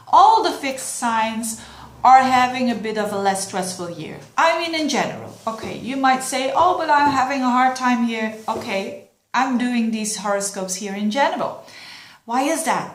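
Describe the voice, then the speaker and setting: Woman reading horoscopes in an echoey room. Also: medium pitch. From Belgium. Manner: earnest, encouraging, addresses viewers directly. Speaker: astrologer. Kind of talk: yearly horoscope talk to camera. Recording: roomy echo.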